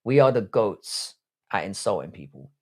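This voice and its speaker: A man's voice: fairly low pitch, sing-song, moderate pace, darkish tone. A young English man hosting a livestream, reading chat aloud and bantering in a blunt, crude, rambling way with frequent restarts. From England. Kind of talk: casual live-stream chat.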